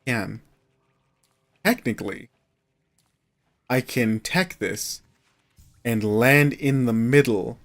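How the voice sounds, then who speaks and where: A man's voice: medium pitch, slow, pauses often. Tired, rambling man streaming. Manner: rambling, self-deprecating, trails off mid-sentence. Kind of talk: casual gameplay streaming commentary.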